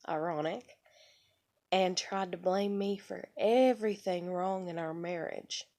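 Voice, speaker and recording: A young adult woman rambling bitterly about her life, halting often with "you know" fillers. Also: fairly low pitch, mellow. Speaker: vlogger. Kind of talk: unscripted personal rambling.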